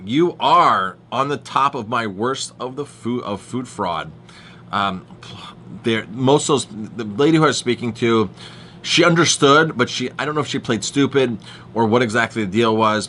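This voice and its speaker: A man's voice: medium pitch, bright, forceful tone, slight background noise. A middle-aged man, a chef, talking straight to the camera with emphatic, repetitive ranting as he warns viewers about food fraud. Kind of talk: direct-to-camera consumer warning.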